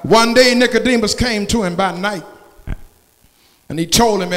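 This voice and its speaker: A man preaching a sermon, calling out to the congregation and swinging from shouts down to hushed tones. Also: high voice, normal speed, long pauses. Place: church sanctuary. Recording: church hall reverb.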